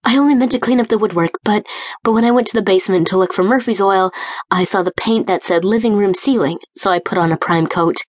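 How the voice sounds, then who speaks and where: A woman's voice: on the low side, a little fast, few pauses, dry recording, studio quality, close to an everyday voice. Woman doing an eager, flustered young woman.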